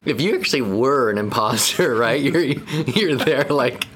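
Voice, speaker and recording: A man's voice: mid-range voice, lively intonation, measured pace, fairly bright tone, slight background noise. Rambling playful male podcast co-host. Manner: playful, rambling, laughs while talking. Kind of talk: casual podcast chat.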